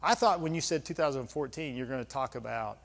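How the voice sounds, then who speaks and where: A man's voice: mid-range voice, a little fast, vocal fry. A man in his fifties from the United States, a retired senior Army leader giving a lecture and answering audience questions in a blunt, conversational, emphatic way with folksy asides. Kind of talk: candid lecture Q&A storytelling. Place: club lecture hall. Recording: long hall reverb.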